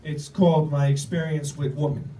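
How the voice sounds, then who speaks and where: A man's voice: fairly high pitch, flat delivery, normal speed, dark tone. A middle-aged man telling a stand-up story on stage, rambling and profane, with stammered restarts. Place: comedy club stage with audience. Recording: echoey room, recorded from far off.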